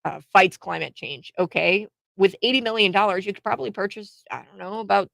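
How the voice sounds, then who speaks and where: A woman hosting a radio talk show, giving animated, mocking political opinions with frequent restarts. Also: medium pitch, fairly quick, gravelly, no room sound. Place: radio studio.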